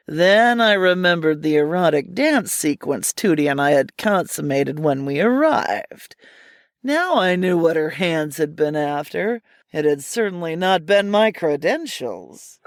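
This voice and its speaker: A woman narrating a hardboiled comic mystery story in a wry, deadpan, theatrical way. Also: fairly low pitch, no room sound, clean studio sound.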